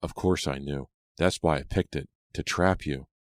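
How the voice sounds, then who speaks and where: A man's voice: very deep voice, normal speed, dry recording, studio quality. A man reading the part of a cruel, vengeful teenage girl ghost in an audiobook, with a mocking, gloating manner.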